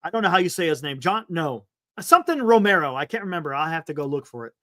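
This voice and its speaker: A man's voice: on the high side, very animated, quick pace, a bit bright. A man hosting a live sports stream, chatting loosely, reading viewer comments and laughing often.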